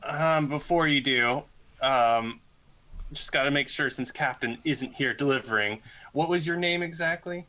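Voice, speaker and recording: A man's voice: mid-range voice, a little slow, sharp tone. A man playing a blunt, slangy sailor. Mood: probing. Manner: rough, casual slang. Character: blunt male sailor who bluffs his way through.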